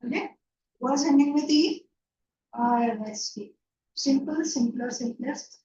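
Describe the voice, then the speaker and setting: At a measured pace, a woman whose high voice has a darkish tone teaches English grammar online from a room. She patiently confirms understanding with many a "yeah?" and "right?", and the sound is roomy, distant and dull.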